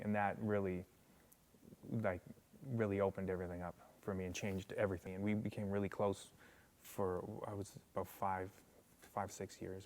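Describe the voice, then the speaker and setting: A man talks through his memories in a relaxed interview, his voice sitting on the low side. He jumps into acted-out voices of the people in his stories and leans on "like" and "you know" as he goes. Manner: animated, acts out voices in anecdotes, many fillers. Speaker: guest musician. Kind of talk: casual storytelling interview.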